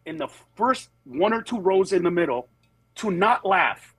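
A man who works as a stand-up comedian, telling stories in a casual conversation. He acts out other people's voices and turns earnest and measured on serious topics. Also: high voice, expressive, fairly bright tone, slightly rough, no echo.

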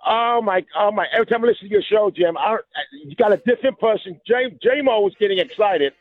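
Excitable male caller on a tinny phone line. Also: high-pitched, a little fast. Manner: excitable, gushing. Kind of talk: excited call-in chat.

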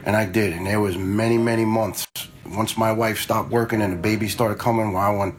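A man's voice: fairly low pitch, fairly even intonation, fairly quick, few pauses. A blunt man in his forties, a retired fire lieutenant, telling stories casually and quoting himself along the way. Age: 40s. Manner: blunt, quotes himself in anecdotes. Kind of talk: casual storytelling.

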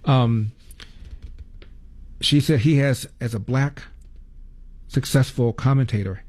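Older male talk host, wry and sarcastic, middle pitch, casual monologue pace. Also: slow, a little mellow. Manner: sarcastic, rhetorical questions.

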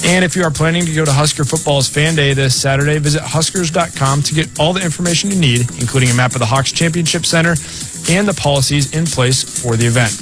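Man reading a sports ticker over music. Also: fairly high pitch. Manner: even, measured newsreader delivery. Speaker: sports news reader. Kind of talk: scripted news ticker read.

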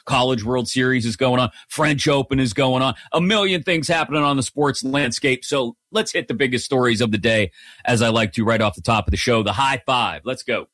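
Energetic male sports radio host. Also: medium pitch, fairly quick, no echo, studio quality. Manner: upbeat, energetic broadcaster delivery. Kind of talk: live sports talk radio. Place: radio studio. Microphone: studio broadcast microphone.

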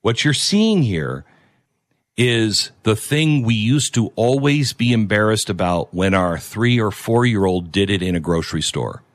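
A man's voice: on the low side, very animated, unhurried, no echo. A man hosting an opinionated commentary show, talking emphatically and repeating key phrases.

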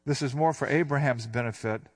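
Older male preacher, conversational teaching tone, measured scripture reading. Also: medium pitch. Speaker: pastor. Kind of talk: sermon.

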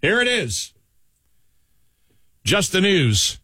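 A man's voice: high voice, sing-song, very slow, bright, forceful tone, no room sound. A man with a Buffalo accent hosting a radio talk show in casual, conversational chat, with lots of "you know".

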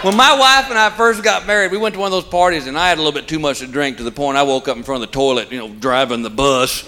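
A man doing a stand-up comedy routine, telling stories and landing punchlines in an animated way. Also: on the high side, quick pace, slight background noise. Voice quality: animated storyteller, punchline delivery. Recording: live club, loud audience. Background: crowd laughter.

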